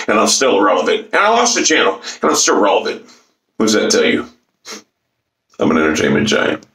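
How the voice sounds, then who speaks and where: A man's voice: lowish voice, bright, forceful tone. A man and YouTuber ranting about football to his camera, profane, boastful and repetitive. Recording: echoey room.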